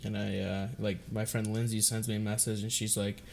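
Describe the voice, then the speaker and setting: A man's voice: on the low side, little pitch movement, a little fast, creaky, darkish tone, a little hiss or hum. Swearing young guy telling stories. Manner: loose storytelling, heavy swearing. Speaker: podcast co-host. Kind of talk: casual chat.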